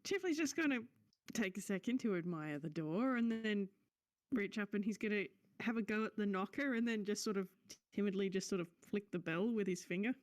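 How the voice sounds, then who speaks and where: A woman playing a tabletop game, describing her character's actions with a lively, giggly manner. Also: medium pitch, a little fast. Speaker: player.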